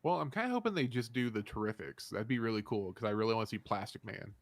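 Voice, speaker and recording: Laid-back low-voiced man on a podcast. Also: expressive, fast talker, no room sound. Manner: laid-back, uses many fillers. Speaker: podcast co-host. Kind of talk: casual podcast chat.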